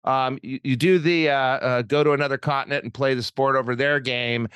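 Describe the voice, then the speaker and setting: A podcast host who rambles through stories and teases his guest with jokes. His voice sits in a middle pitch and is recorded close and dry, with no echo around it. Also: steady tone, a little fast, a bit bright, clean tone. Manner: joking, rambling, teasing. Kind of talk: casual interview chat.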